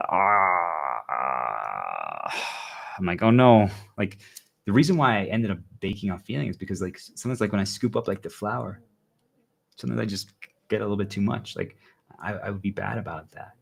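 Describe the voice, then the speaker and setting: A man's voice: sits low, gravelly, breathy edge. A man talking casually and earnestly to his viewers, rambling and often asking whether they understand. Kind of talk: casual monologue to an audience.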